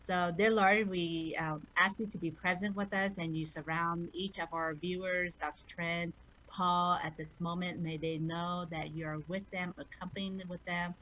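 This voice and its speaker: A woman's voice: on the low side, steady tone, normal speed, bright, forceful tone, rough recording. A woman religious sister speaking earnestly as a radio guest and offering a prayer. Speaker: nun, guest. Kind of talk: radio interview and spoken blessing.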